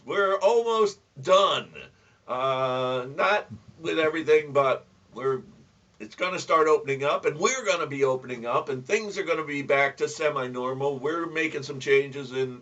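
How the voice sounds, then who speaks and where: A man hosts a loose, casual show and trades jokes with a lot of stammering and restarts. His pitch swings widely as he talks, and he drops into a low, quiet voice to tell a story. He sits a little way back from the microphone. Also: recorded from a distance. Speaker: podcast host. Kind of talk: casual joke-telling chat.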